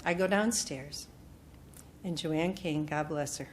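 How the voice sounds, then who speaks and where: A woman speaker at a retreat, telling a personal story in an animated way and acting out what others said. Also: low-pitched, slow pace, slight background noise. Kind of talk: personal testimony talk. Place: retreat meeting room.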